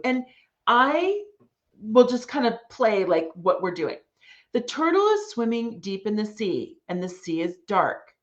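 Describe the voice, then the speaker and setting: Woman, writing teacher, animated melodic voice, dull lo-fi recording. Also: fairly high pitch. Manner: chatty and enthusiastic, frequent um fillers. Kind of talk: casual online lesson. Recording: dull lo-fi sound.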